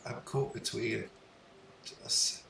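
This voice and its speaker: A man's voice: slow pace, bright, forceful tone, roomy sound, far from the mic, a little hiss or hum. A man live-streaming outdoors, talking to viewers in awed, emotional exclamations. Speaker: live streamer filming the sky.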